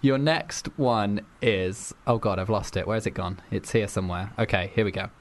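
A man hosting a casual chat, playful and quick to laugh as he quizzes his guest. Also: on the low side, slight background noise. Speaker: host.

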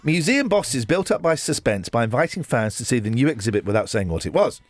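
A man's voice: mid-range voice, sing-song, brisk, dry recording. A man hosting a radio show, bantering, laughing often and reading out odd news stories. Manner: jokey, laughs often, does silly voices.

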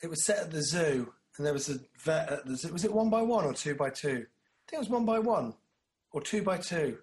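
A man's voice: fairly high pitch, expressive, a little fast, a little mellow. Rambling, jokey man chatting. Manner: rambling, jokey storyteller who acts out quotes. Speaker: podcast co-host. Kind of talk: casual chat.

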